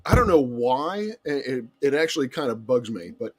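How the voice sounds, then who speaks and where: A man's voice: mid-range voice, big pitch swings, normal speed, a bit bright, slightly rough. A man, a guest in casual chat, easygoing and chuckling. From United States.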